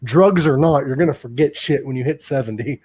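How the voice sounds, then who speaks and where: A man co-hosting a podcast, telling stories in a loose, animated way and swearing freely. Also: medium pitch, fairly quick, breathy edge. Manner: animated storytelling, heavy swearing. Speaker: podcast co-host. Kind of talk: casual chat.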